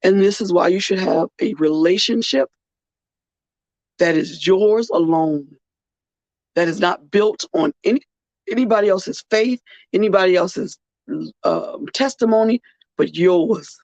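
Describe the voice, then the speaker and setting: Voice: medium pitch, a little slow, long pauses, a little mellow, no room sound. Tired, earnest speaker on a dull recording. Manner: earnest, emphatic, repeats phrases for weight. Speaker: podcast host. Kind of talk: personal heartfelt monologue on faith and hardship. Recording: dull, muffled dry recording.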